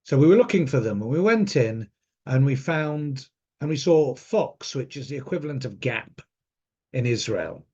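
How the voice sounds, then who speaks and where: A man in his fifties recounts a recent trip in loose, conversational speech. He often trails off with fillers and restarts his sentences. His pitch sits in the middle range, and the recording is somewhat dull. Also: expressive, normal speed, darkish tone, husky. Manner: rambling, frequent fillers and restarts. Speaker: association officer. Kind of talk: casual spoken trip account.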